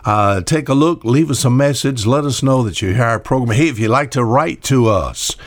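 A man's voice: medium pitch, moderate pace, no room sound. Folksy older male radio preacher. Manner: folksy, conversational, repeats words with frequent uh fillers. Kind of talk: radio sermon.

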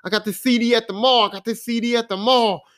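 A man voicing his hyped young army buddy, who repeats himself eagerly and loudly. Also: very high voice, fairly even intonation, quick pace, smooth, voice pushed up. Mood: urgent.

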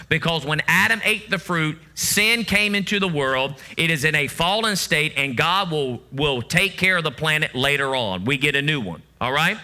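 Male preacher with a high, very bright voice, hammers his points with repetition. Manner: emphatic, repeats phrases for effect; acts out voices of God and of begging believers. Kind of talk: sermon.

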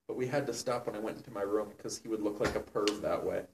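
A man's voice: medium pitch, a little fast. A young man reads aloud with mock seriousness and stops now and then to comment. His voice sounds a little far from the mic in a roomy, echoing space. A faint hiss sits underneath. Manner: mock-serious, breaking into laughter and asides. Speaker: reader of a fan story. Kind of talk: comedic dramatic reading.

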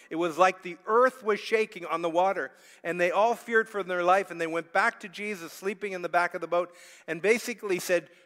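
A pastor delivers a sermon in a church sanctuary, his voice sitting a little high for a man. He moves from quiet, reflective asides to loud, pleading outbursts. A long reverb trails each phrase through the hall. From Canada. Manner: dynamic, swings from hushed to loud pleading.

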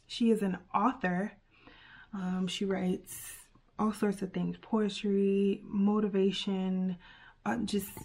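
Slow, chatty woman podcaster. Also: mid-range voice. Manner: chatty, animated, lots of fillers and asides. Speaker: podcast host. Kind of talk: casual solo podcast chat.

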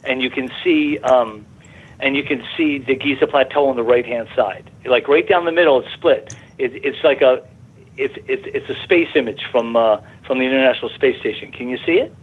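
A man calls in to a radio talk show and tells his story in a rambling, halting way, restarting sentences and growing excited. His voice is husky and comes through a thin, tinny phone line. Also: mid-range voice. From Arizona, USA. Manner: rambling, repeats words and restarts, grows excited. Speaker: radio guest.

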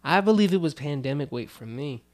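A man's voice: a little high, animated, brisk, a little mellow, dry recording. Young man hosting a laid-back chat. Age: young adult. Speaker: podcast host. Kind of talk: casual chat.

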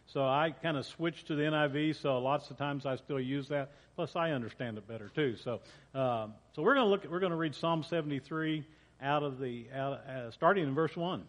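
Pastor reading a psalm in a reverberant hall. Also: male voice, fairly high pitch, a little fast. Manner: conversational, repeats and corrects himself. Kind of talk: sermon with scripture reading. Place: church sanctuary. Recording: long church reverb.

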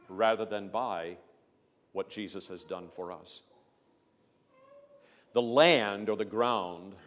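A man preaching a sermon as pastor, emphatic, swelling loud on key phrases and dropping low between them. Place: church sanctuary. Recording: long church reverb.

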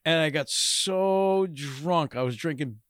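A man's voice: on the high side, slow pace, a bit bright, no echo, clean studio sound. A man co-hosting a casual podcast chat, laughing often and telling bawdy stories. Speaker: podcast co-host.

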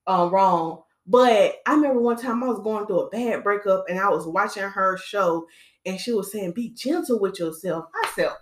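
A woman hosting a podcast, giving a casual motivational talk in an animated storytelling way and calling her listeners "y'all". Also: medium pitch, moderate pace, echoey room. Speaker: podcast host.

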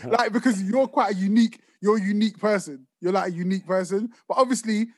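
A man's voice: high voice, fast talker, darkish tone, no echo, clean studio sound. A man co-hosting a podcast, musing in casual chat that trails off. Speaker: podcast co-host.

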